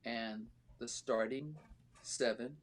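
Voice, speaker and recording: A man who owns and coaches a volleyball club, telling a story as a guest in a casual interview, earnest and halting with frequent ums and restarts. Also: mid-range voice.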